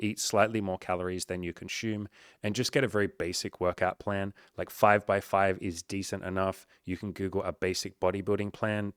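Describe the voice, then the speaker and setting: Frank, low-voiced male dating coach. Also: no echo, clean studio sound. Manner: frank and upbeat, swears casually. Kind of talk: casual commentary reading a client's update.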